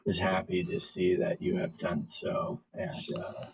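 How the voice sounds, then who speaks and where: A man co-hosting a channeling session on a video call, gentle and halting. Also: low-pitched, monotone, a little hiss or hum, poor audio. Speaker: co-host.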